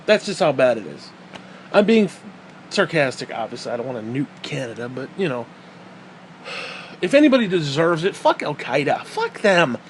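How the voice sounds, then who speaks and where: A man's voice: mid-range voice, very animated, normal speed, long pauses. A man ranting in a crude, sarcastic and heated way to his viewers, swearing often, with a faint air-conditioner hum behind him. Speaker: vlogger. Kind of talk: profane ranting commentary.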